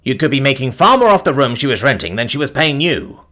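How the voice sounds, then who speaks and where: A man's voice: mid-range voice, very animated, fast talker, pushed and bright, pitched above the performer's own voice. A man voicing a blunt, firm uncle who speaks curtly. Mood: steady. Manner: curt, firm.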